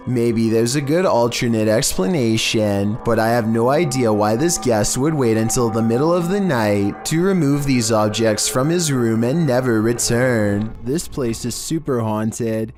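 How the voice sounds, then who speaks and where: A man narrating scary internet videos in a flat, monotone, scripted delivery. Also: mid-range voice. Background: faint background music.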